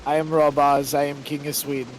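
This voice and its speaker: A man doing a flat, deadpan gamer impression. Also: a little high, fairly quick, a little hiss or hum, close to an everyday voice. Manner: flat, deadpan, formal phrasing. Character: monotone deadpan male gaming YouTuber.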